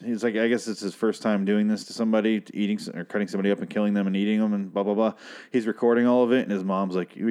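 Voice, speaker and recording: A man's voice: fairly low pitch, a little mellow, clean tone. A man casually recapping a TV episode, rambling, sarcastic and full of swearing.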